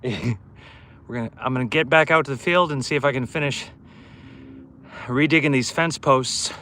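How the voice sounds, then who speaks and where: A man's voice: mid-range voice, a bit bright, a little hiss or hum. A man in his thirties chatting casually outdoors while fixing a fence, rambling and telling corny jokes between chores, recorded on a phone. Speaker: livestreaming farmer.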